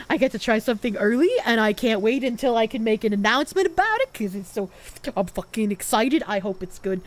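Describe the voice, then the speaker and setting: A young woman streaming live, chatting casually and thanking viewers, swinging from loud high squeals to low mutters. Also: fairly quick, slight background noise. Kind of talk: casual live-stream chat reading donations.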